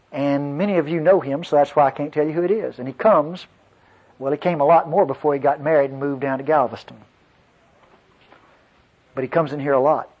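In a dull lo-fi sermon recording, a male pastor shares a folksy story and calls out to his listeners. His voice is fairly high-pitched and husky.

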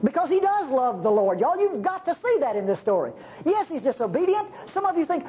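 A preacher delivering a sermon in an animated way, with jokey asides to the congregation. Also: high voice, a little fast, few pauses. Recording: slightly dull recording with faint hiss.

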